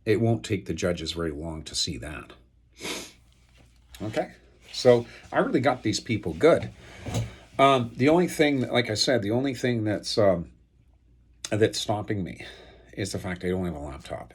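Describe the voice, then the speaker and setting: A man talking unscripted to the camera, aggrieved and angry, rambling with many fillers and getting louder when outraged. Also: animated, a little slow, long pauses, a little hiss or hum. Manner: turns loud and high-pitched when outraged. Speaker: video blogger airing an estate dispute.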